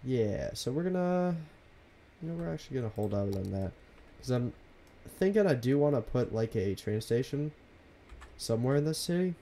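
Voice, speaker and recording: A young man streaming a city-building game from his home computer, chatting casually with viewers in a soft, half-whispered, laid-back way. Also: medium pitch, animated, normal speed, slight background noise. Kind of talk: casual live-stream commentary.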